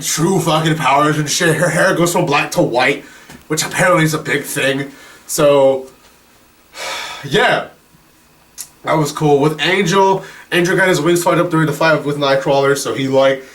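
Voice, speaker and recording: A man's voice: a little high, fairly bright tone. A young man giving a casual, profane film review, rambling with lots of fillers, a little distant from the mic. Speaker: movie reviewer.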